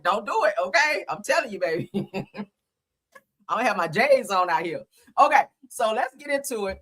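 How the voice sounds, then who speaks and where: Lady gossip host, cusses a lot, laughs loud, voice swings up and down a lot, talks to her viewers. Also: medium pitch. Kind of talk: casual gossip commentary.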